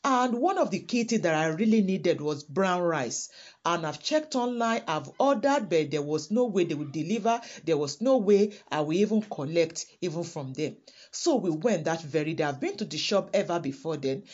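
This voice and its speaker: Woman preacher from Africa, husky, lively delivery, emphatic build-ups. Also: on the low side, muffled recording. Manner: impassioned, builds in volume with slow emphatic phrases. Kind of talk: sermon.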